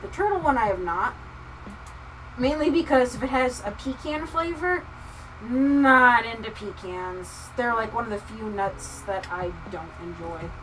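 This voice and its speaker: A woman livestreamer chatting casually with viewers, ranting with profanity and swinging from muttering to near-shouting. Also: on the high side, lively intonation, unhurried, recorded from a distance, noisy background. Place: home craft room. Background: soft lofi music.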